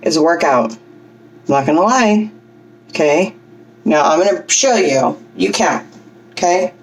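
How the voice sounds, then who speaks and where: A woman's voice: fairly low pitch, expressive, measured pace, low-quality recording. A woman giving a casual singing lesson, chatty and often checking in with "okay?" and "right?". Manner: chatty, checks in with 'okay?' and 'right?'. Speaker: amateur singing teacher.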